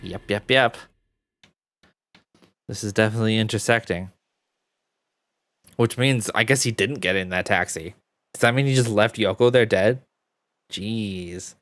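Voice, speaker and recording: A man giving casual, rambling commentary while playing a story game, chatty and quick to laugh. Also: fairly low pitch, a bit bright, dry recording. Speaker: let's-play gamer.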